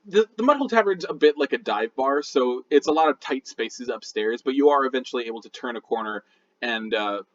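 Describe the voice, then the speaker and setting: A man runs a tabletop game, narrating in a relaxed way with plenty of fillers. His voice sits at an average male pitch. The recording sounds slightly muffled and lo-fi. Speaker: game master.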